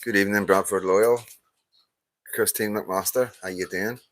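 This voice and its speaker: Tired Northern Irish man, low and chatty. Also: steady tone, moderate pace, no room sound. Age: 50s. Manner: chatty, swears, laughs often, reads out names. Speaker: livestream host. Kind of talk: casual live-stream chat greeting viewers.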